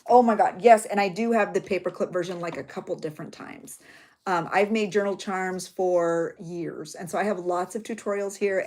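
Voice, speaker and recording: A woman's voice: medium pitch, darkish tone. Chatty middle-aged woman. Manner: chatty, emotional, tearful at times. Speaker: journaling channel host. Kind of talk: chatty crafting vlog talk.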